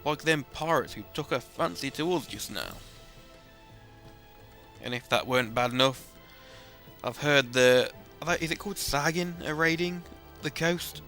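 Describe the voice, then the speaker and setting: A man voicing a gruff, chatty male sailor in a put-on rough seafaring accent, reading game dialogue aloud in character with a folksy drawl. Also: fairly high pitch, unhurried, bright, forceful tone, soft background music. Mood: storytelling.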